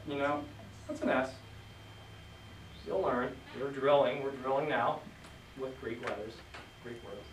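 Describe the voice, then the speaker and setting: A man's voice: medium pitch, moderate pace, long pauses, a bit bright. A man teaching a Greek class, drilling students with call and response in an upbeat way. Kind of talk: classroom lesson. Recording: echoey room from far off, faint noise.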